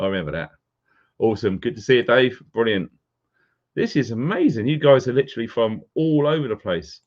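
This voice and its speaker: A man's voice: medium pitch, lively intonation, brisk, a little mellow. A man hosting a live stream, casually greeting viewers by name as they join. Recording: dull lo-fi sound.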